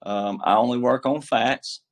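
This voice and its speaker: A man's voice: mid-range voice, steady tone, unhurried. A man giving casual political commentary as a guest, emphatic and preachy, with a folksy, filler-heavy way of talking. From military background.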